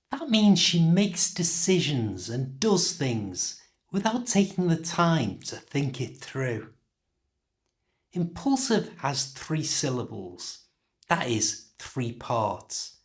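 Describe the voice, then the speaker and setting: A man with a British accent teaching English pronunciation in a slow, clear, demonstrating way. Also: mid-range voice. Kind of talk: scripted pronunciation lesson.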